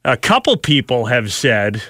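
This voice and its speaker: A man's voice: mid-range voice, big pitch swings, unhurried, fairly bright tone, no echo, studio quality. A man hosting a radio show, teasing and laughing often with his co-hosts and callers. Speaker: radio host. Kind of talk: morning radio banter. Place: radio studio. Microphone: studio mic.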